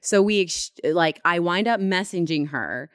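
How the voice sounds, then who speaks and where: A young woman, co-hosting a podcast and telling a story in an animated, laughing way. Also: lowish voice, a little slow, dry recording, studio quality. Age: 20s. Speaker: podcast co-host. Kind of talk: casual chat.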